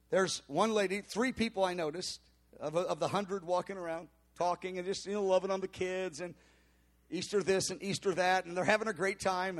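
Animated high-voiced male preacher. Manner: animated storyteller, acts out voices with sudden shouts and mutters. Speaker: pastor. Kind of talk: sermon storytelling.

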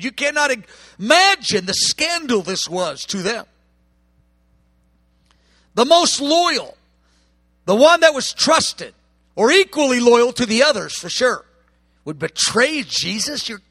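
A man preaching a sermon with passion, acting out quoted voices and swinging from hushed tones to shouts. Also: very high voice, no room sound.

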